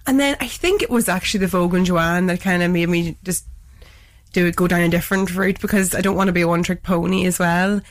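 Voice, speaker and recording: A young Irish woman chatting casually on a podcast as a guest, lively and often laughing as she tells stories. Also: lowish voice, fast. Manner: chatty, laughing, acts out quoted voices. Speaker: guest lip-sync creator.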